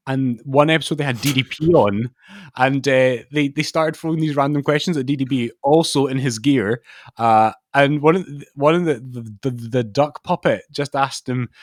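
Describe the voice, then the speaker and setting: A man's voice: medium pitch, no echo. A man with a middle-range voice spins loose, rambling anecdotes on a podcast and slips into playful impressions when quoting people. The sound is dry and close to the mic. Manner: rambling storyteller who acts out quotes. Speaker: podcast co-host. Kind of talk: casual chat.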